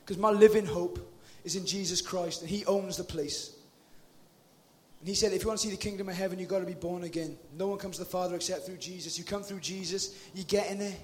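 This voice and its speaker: Man, high voice, fervent preacher, talks to the crowd like mates. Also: fairly even intonation, fast talker. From Britain. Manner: impassioned, addressing the crowd directly in a casual slangy way. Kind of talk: sermon.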